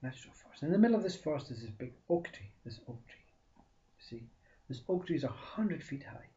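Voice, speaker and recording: A man tells a spiritual parable with a soft, mellow tone, repeating words for emphasis and slipping into whispers. The delivery swings between loud bursts and near-silence. The recording is dull and lo-fi. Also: on the high side, big pitch swings, brisk, slight background noise. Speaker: spiritual storyteller. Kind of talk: storytelling talk.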